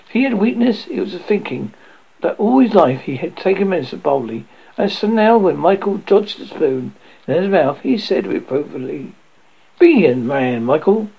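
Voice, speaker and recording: A man reading a children's classic aloud, lively and prone to stumbles. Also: sits high, gravelly, breathy edge. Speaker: reader. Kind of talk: storybook reading. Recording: dull lo-fi recording.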